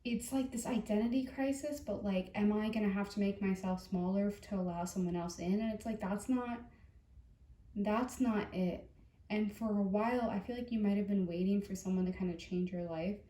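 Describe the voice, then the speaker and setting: A woman giving a casual tarot reading in a chatty, halting way, full of fillers and restarts. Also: medium pitch, warm tone, reverberant. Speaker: tarot reader.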